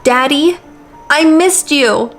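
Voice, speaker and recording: Woman reading eerie ghost boy in a computer, pleading, high. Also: lively intonation, takes it slowly, soft background music, exaggerated voice. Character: eerie dead young boy speaking through a computer.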